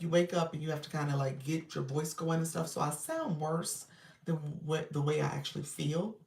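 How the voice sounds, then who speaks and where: A woman's voice: low voice, normal speed, creaky, a little mellow, reverberant, far from the mic. A woman coaching live hosts on a livestream, sounding congested from an illness. She greets viewers by name and laughs often. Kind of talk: casual livestream chat with viewers.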